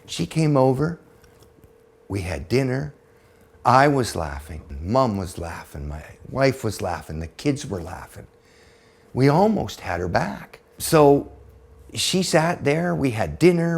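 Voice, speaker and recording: A man in his fifties, a podcast guest, telling a personal story in a blunt, profane, animated way. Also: fairly low pitch, a little slow, creaky, husky. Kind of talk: storytelling in casual conversation.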